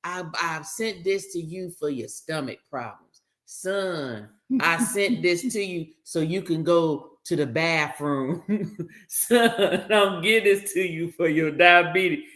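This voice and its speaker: A woman's voice: fairly low pitch, takes it slowly, fairly bright tone, pitched below the performer's own voice. A woman doing a fussing, doting old mother. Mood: doting nag. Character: fussing older mother sending son pills.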